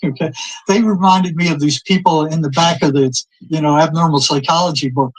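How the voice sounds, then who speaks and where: Older man, raised pitch, husky; rambling storyteller who acts out dialogue. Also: fairly even intonation, a little fast, low-quality recording. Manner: rambling anecdotes, repeats words, acts out quoted exchanges. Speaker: guest telling stories. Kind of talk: casual storytelling.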